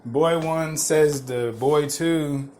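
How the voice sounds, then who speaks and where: Podcast host, young guy, slow laid-back delivery, swears a lot, laughs mid-story, slightly high voice. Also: background noise. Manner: profane, rambling, laughs through his stories. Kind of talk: casual storytelling.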